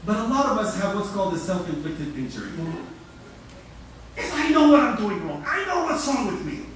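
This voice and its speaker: A man's voice: sits high, very animated, brisk, fairly bright tone, slight background noise. A man preaching as an imam, talking energetically and conversationally, repeating words as he goes, recorded in a mosque prayer hall. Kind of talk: sermon. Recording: echoey hall from far off.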